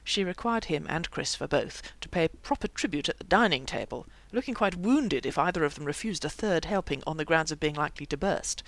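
A narrator reading a fantasy novel aloud in a lively, expressive way. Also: mid-range voice, fairly quick, few pauses, no room sound. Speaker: audiobook narrator. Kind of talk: audiobook narration.

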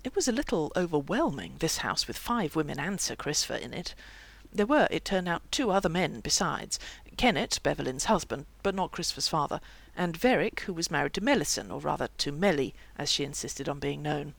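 A narrator reading a fantasy novel aloud in a lively, expressive way. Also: medium pitch, brisk, creaky, few pauses, dry recording. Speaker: audiobook narrator. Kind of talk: audiobook narration.

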